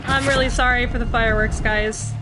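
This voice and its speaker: A woman's voice: on the high side, steady tone, a little fast. A woman streaming a video game, chatting casually with viewers, grumbling and swearing often. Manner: frequent swearing, grumbling asides. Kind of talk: casual gameplay commentary. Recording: game music playing behind voice.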